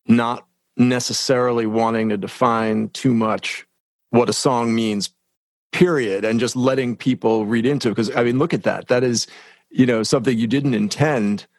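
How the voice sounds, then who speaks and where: A man interviewing a guest in a reflective, measured way. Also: medium pitch, no room sound. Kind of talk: thoughtful interview questions.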